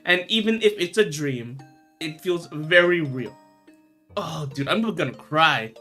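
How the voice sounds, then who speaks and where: A man's voice: on the high side, lively intonation, unhurried, bright, forceful tone, faint music behind. A young man streaming a game, reacting emotionally, stammering and swearing as he comments. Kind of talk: let's play commentary.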